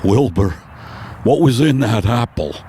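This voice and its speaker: A man voicing a stoned, panicky male talking horse in a comedy bit, with loud, drawn-out, dazed pleading. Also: mid-range voice, expressive, slight background noise, natural voice.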